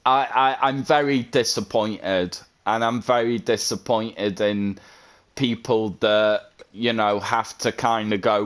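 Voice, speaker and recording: A man's voice: fairly low pitch, steady tone, a little slow. A man, a content creator, talking earnestly and at length in a vlog, often repeating himself. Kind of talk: heartfelt vlog monologue.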